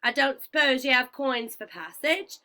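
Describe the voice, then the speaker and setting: A woman voicing a smooth, cold and greedy male ferryman of the dead, with a vaguely British accent and a slow, sweetly menacing drawl. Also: high-pitched, lively intonation, bright, forceful tone. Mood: silkily greedy.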